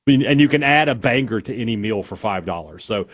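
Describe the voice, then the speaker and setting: A man's voice: medium pitch, big pitch swings, fairly quick, hardly any pauses, fairly bright tone. A man co-hosting a sports talk radio show, chatting casually in an enthusiastic, teasing way.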